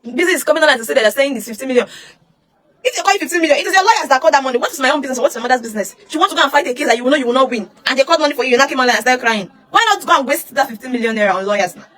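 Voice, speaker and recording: A woman's voice: sits high, expressive, racing, a bit bright. A young Nigerian woman with a Nigerian accent, ranting heatedly online, scolding with rhetorical questions. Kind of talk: emotional social media rant.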